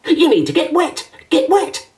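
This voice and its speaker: A man voicing an excitable male penguin who chatters and repeats his words. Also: very high-pitched, a little slow, pitched above the performer's own voice, exaggerated voice. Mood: excited. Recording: distant, with background music.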